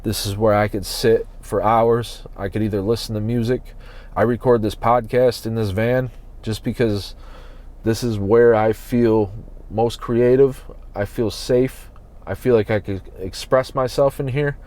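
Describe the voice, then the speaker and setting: A man hosting a solo podcast from inside his parked van, talking slowly and earnestly as he searches his soul. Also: on the low side, steady tone, darkish tone. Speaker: podcast host.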